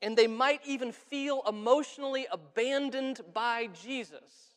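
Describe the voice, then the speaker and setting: A male pastor delivers a sermon in an earnest, conversational way, and his voice sits fairly high for a man. He drops to soft, hushed tones for quoted words. The sound carries a long reverb from the church sanctuary. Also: unhurried, smooth.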